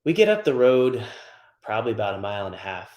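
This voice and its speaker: A man who tunes cars, a guest on the show, telling a wild shop story in a casual, profane, animated way. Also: fairly low pitch, quick pace, reverberant. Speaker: guest, car tuner.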